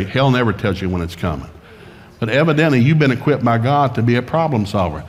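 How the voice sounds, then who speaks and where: A middle-aged man, preaching a comic sermon in a folksy, animated storytelling style. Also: medium pitch, fairly quick. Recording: long hall reverb.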